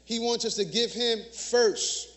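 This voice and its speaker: A man's voice: very high voice, fairly even intonation, unhurried, a bit bright. A man preaching a sermon in a church, emphatic and conversational, using call-and-response with the congregation. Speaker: minister.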